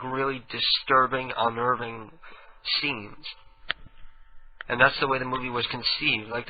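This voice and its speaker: A man hosting a radio show, chatting casually and rambling with many restarts. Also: medium pitch. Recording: tinny phone-like radio audio with faint hiss.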